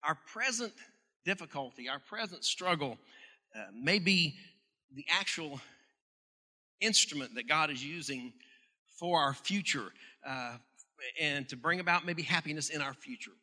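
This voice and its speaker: A male pastor delivers a sermon with a bright, ringing voice that sits a little high for a man. He drives each question upward with emphasis and often restarts his phrases as he goes. The sound carries the long reverb of a large church hall. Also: expressive, measured pace, long pauses.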